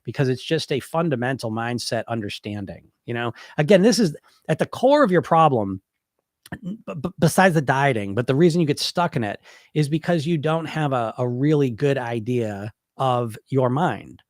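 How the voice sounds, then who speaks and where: A middle-aged man, stuffed up with a head cold, talks bluntly and rambles through a casual live-stream Q&A on his podcast, saying "you know" again and again. He's a podcast host and hypnotist weight coach with an expressive mid-range voice at normal speed, recorded dry in studio quality.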